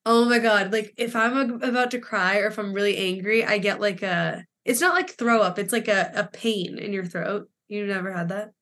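A woman's voice: mid-range voice, normal speed, few pauses, a bit bright. Woman, 20s, podcast co-host; rambling, filler-heavy storyteller, emotional edge. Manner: rambling, filler-heavy retelling with quoted dialogue. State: emotional, near tears. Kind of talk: casual chat, storytelling.

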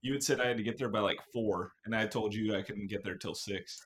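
A speaker in a casual group chat who mostly cuts in with short remarks. The pitch sits mid-range and the words come quickly. The tone is dry and teasing. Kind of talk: casual chat among friends.

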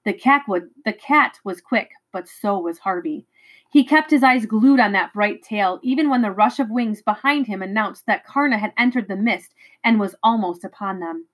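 A woman reads a novel chapter aloud in a mid-pitched voice. She is expressive and dramatic, with an occasional stumble over a word. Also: moderate pace, rough recording. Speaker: reader.

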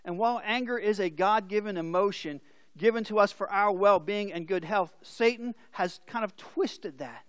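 A man with a high voice preaches a sermon, moving between scripture and lively stories whose people he acts out. The sound is dry and close. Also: moderate pace, no echo. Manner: storytelling with acted-out voices. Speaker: pastor.

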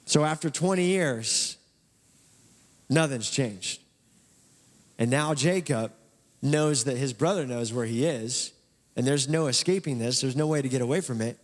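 A man preaching a sermon, retelling a story in a casual, animated way. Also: mid-range voice, unhurried, pauses often. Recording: long hall reverb.

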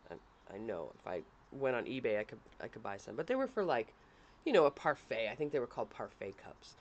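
With a bass, sing-song voice that's a little fast and a little mellow, highs cut off, this podcast co-host and parent shares family stories in casual conversation. She's blunt, curses freely, and breaks into laughter mid-story.

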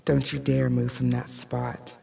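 A woman voicing a creepy female ventriloquist dummy in a horror story, speaking in a low, hissing whisper that turns sing-song and sweetly threatening. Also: completely flat delivery, a little slow, gravelly, warm tone, heavily acted. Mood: menacing.

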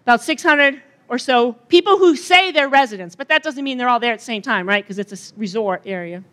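Bright, high-voiced middle-aged woman speaker. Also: animated, fairly quick. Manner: chatty and joking, bantering with the crowd. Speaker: retreat speaker. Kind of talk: conversational opening talk to an audience.

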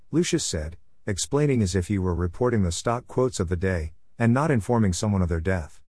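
A man reads a story chapter aloud in an even, measured way. His voice is low, and the sound is dry and close with no room echo. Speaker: narrator. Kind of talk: audiobook-style story narration.

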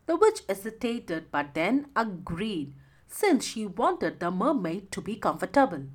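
Slow, lively woman storyteller. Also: medium pitch. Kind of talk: children's story narration.

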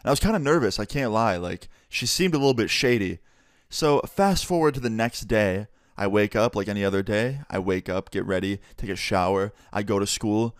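A young man chats through a storytime in a relaxed, conversational way, acting out each side of the dialogue. His voice sits on the low side and comes across smooth and clear, recorded close and dry with no room sound. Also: a little fast, no echo. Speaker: YouTuber. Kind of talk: storytime narration.

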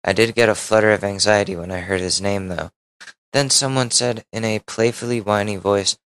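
Low-voiced man reading a story aloud. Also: fairly even intonation, normal speed, fairly bright tone, clean tone, low-quality recording. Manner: breaks in with wry asides; candid, swears casually. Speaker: podcast host. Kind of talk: reading a Reddit post aloud.

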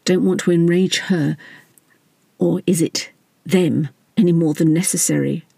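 Nervous apologetic prince, hesitant and slightly husky, played by the narrator. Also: mid-range voice, fairly even intonation, unhurried, mellow, no room sound, clean studio sound. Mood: awkward. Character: anxious apologetic young prince husband.

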